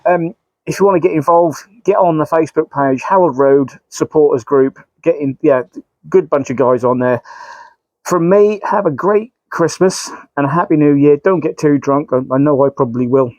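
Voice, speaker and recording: A man's voice: fairly high pitch, normal speed, a little mellow, no echo, dull audio. A man, a model railway YouTuber, chatting casually in a rambling, self-mocking way with frequent sighs. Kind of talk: casual vlog chat.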